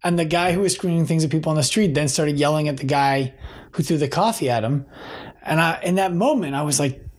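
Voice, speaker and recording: A man's voice: on the high side, a little fast. A man guest on a podcast, talking earnestly in casual conversation and repeating words as he starts a thought.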